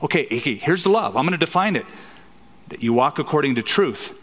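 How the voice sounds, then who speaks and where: Pastor preaching in a reverberant hall. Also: male voice, a little high, expressive, a little fast, fairly bright tone. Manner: emphatic, asks rhetorical questions. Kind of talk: expository sermon.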